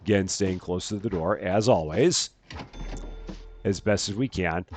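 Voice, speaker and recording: A man's voice: deep voice, measured pace, a little hiss or hum. A man hosting a let's-play, chatting casually and narrating each task aloud, often correcting himself. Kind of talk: casual gameplay commentary.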